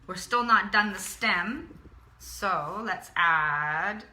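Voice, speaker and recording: Very slowly and in a sharp tone, a woman with a mid-range voice leads a drawing lesson, her speech echoing in a reverberant room. The art teacher is chatty and encouraging, talking as she works and repeating words to herself while drawing.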